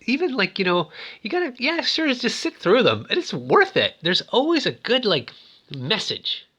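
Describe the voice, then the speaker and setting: A man in his fifties rambling excitedly as he retells a movie plot in casual chat. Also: high voice, highs cut off. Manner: rambling, excitable, lots of fillers. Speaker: movie toy reviewer.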